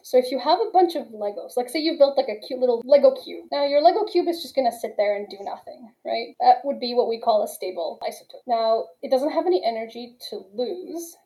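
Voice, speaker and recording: Patient female expert, warm dark tone, slightly higher pitch. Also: lively intonation, brisk, few pauses, poor audio. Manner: patient, explains step by step with analogies. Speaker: guest expert, nuclear physicist. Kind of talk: casual explanatory podcast talk.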